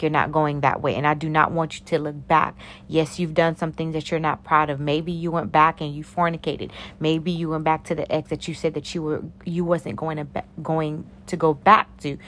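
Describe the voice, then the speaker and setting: A young woman giving a casual, preachy talk of faith encouragement to her viewers, animated and calling them honey and sugar plum. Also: sits low, slight background noise. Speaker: faith-based encourager and YouTuber.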